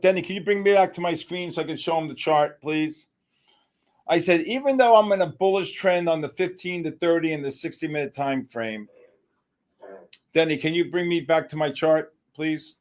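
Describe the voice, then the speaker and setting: This middle-aged man, whose voice is a little high, runs a live futures trading stream full of excitable commentary. Loud outbursts and jokingly exasperated moments keep cropping up.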